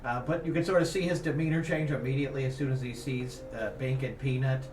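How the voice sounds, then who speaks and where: A man's voice: medium pitch, steady tone, fast, echoey room, distant mic, noisy background. A man playing in a tabletop game, describing his character and laughing often. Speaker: player. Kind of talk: casual game chat.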